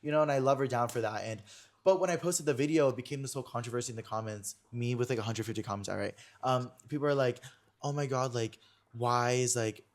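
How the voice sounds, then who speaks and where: A man's voice: mid-range voice, quick pace. A young man hosting a podcast in casual chat, rambling and packing his speech with fillers and online slang. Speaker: podcast host.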